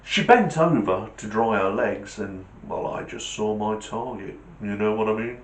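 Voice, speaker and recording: A man's voice: fairly low pitch, animated, unhurried, reverberant, voice pushed down. A man voicing a big, sly male Great Dane who talks in a confiding way.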